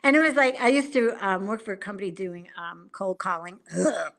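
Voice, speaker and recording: Chicago woman just chatting, mid-pitched, tells long stories, laughs a lot. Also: expressive, fairly quick, fairly bright tone. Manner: chatty storyteller, laughs often. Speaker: live show chat participant. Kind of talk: casual chat.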